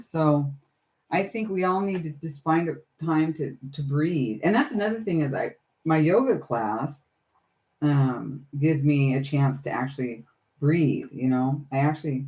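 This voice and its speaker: This livestream host, a middle-aged woman with a low, darkish voice, crafts her journals on a casual stream while talking to viewers by name.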